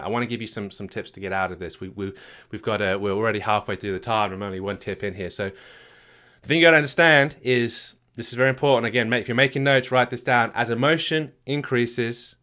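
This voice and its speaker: A man's voice: mid-range voice, pushed and bright. A man coaching a marriage retreat, talking emphatically, repeating his points and tagging them with "right?". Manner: emphatic and repetitive, with frequent restarts and "right?" tags. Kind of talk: retreat workshop talk. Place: retreat venue.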